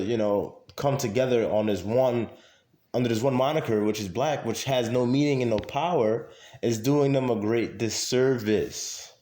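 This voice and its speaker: A vlogger speaks casually to the camera in an echoey room, his voice medium-pitched and dark. He talks emphatically, fills his speech with fillers, and keeps repeating his points.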